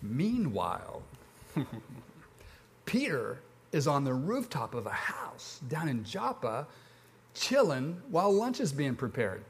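A man with a Southern accent preaching a sermon, telling the story in a relaxed, conversational way with lively ups and downs. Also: mid-range voice, slow, vocal fry, long pauses, slightly rough. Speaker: pastor.

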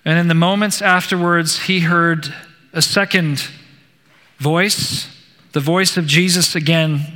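Bright, slow-preaching man in a reverberant hall. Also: fairly high pitch, steady tone. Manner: slow, earnest, emphatic retelling. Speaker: pastor. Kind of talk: sermon storytelling.

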